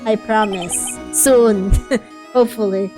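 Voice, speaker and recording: A woman's voice: medium pitch, steady tone, takes it slowly, warm tone, soft background music. A young woman streaming a game, chatting with viewers in a playful way and swearing casually.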